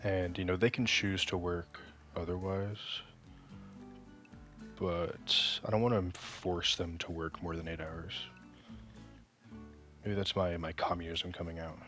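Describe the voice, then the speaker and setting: Male gaming creator, deep voice with a bright, forceful edge; rambling, self-mocking commentary full of halting restarts. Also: steady tone, soft background music. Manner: rambling, joking, self-deprecating. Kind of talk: casual gameplay commentary.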